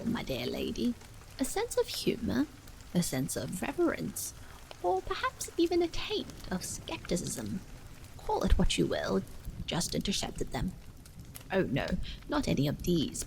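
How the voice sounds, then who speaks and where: A woman voicing an elderly, earnest male vicar in a soft, fussy whispered role-play. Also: mid-range voice, gravelly, slight background noise, heavily acted, poor audio.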